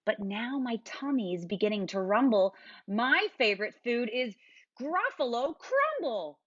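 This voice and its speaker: A woman's voice: fairly high pitch, big pitch swings, a little slow, a bit bright, lo-fi sound, full character voice. A woman voicing a small, clever, boastful male mouse, reading it aloud as a storybook voice with a sly, boastful delivery.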